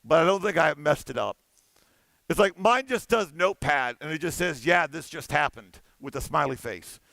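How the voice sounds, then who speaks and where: Animated bright-voiced man telling a story. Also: on the high side, normal speed, vocal fry, no room sound. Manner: animated, playful, acts out dialogue. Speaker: conference keynote speaker. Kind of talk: storytelling conference talk. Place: conference stage.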